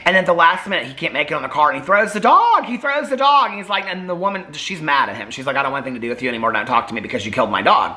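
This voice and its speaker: A man's voice: medium pitch, pushed and bright. A man casually recapping a shark movie, rambling and laughing often as he retells it. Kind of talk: casual chat.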